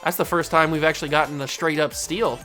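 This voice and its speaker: A man casually calling his own baseball video game play by play. He gets excitable, pleads with the game out loud and breaks into sudden yells. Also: fairly high pitch, fast talker, faint music behind. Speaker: gaming channel host.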